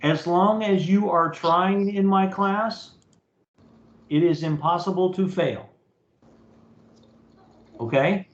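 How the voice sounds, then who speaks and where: A man with a high voice teaches an online class as a professor, walking students through the work step by step in a casual way and asking "okay?" again and again. His voice sounds roomy and somewhat dull, like a lo-fi meeting recording. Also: slow pace, long pauses. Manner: casual, repeats "okay?" to check understanding. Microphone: computer mic in a video meeting.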